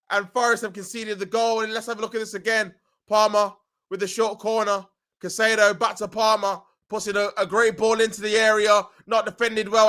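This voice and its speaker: A man giving excitable, emotional live commentary on a football match, groaning and shouting at the action in slangy talk. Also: high voice. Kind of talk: excitable fan watch-along commentary.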